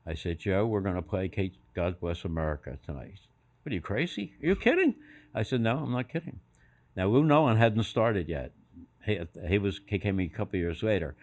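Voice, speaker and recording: A man's voice: low voice, lively intonation, moderate pace, a little mellow. An older man on a podcast as a guest, telling anecdotes and acting out other people's voices in quotes. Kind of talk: storytelling anecdotes.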